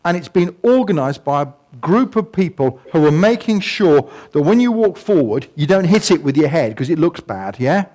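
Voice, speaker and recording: A man's voice: on the high side, sing-song, normal speed, few pauses, a little mellow. An older man giving a humorous talk to an audience, telling stories with self-mocking asides and sound effects. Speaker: guest speaker. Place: museum talk before a live audience.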